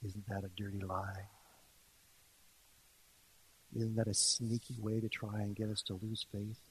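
A man preaching an earnest sermon, swinging between quiet, intimate passages and louder emphasis. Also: lowish voice, little pitch movement, unhurried, slight background noise, rough recording. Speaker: pastor.

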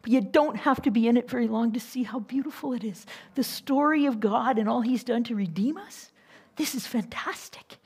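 A woman missionary recounts her time abroad to her home church. She talks in a lively, conversational way and often restarts her sentences. Her voice sits fairly high. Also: moderate pace, breathy edge. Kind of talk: storytelling church talk.

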